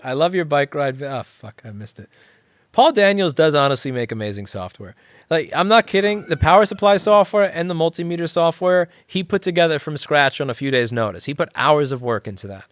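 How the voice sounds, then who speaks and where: A man's voice: fairly high pitch, lively intonation, fairly quick, a bit bright, dry recording. A man who owns a repair shop, hosting a casual livestream Q&A and answering viewers in a blunt, rambling, profane way. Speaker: repair shop owner and channel host.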